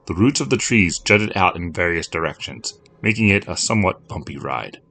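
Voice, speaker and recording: A man reading a scripted story as narrator, in a measured, steady telling. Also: deep voice.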